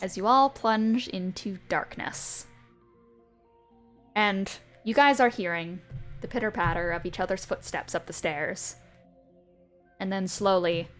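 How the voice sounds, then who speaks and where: A woman narrating a tabletop game as game master, in a hushed, atmospheric voice. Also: lowish voice.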